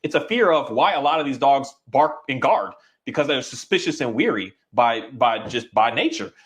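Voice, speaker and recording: A man's voice: mid-range voice, expressive, moderate pace, fairly bright tone. A man who trains dogs, talking casually and rambling, with many restarts and little voices acted out for dogs. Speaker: dog trainer. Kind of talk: casual conversation.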